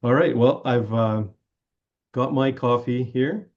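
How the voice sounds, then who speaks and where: A man hosting a business school podcast, introducing his guest in a measured way with occasional fillers. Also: mid-range voice, lo-fi sound. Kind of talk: podcast interview.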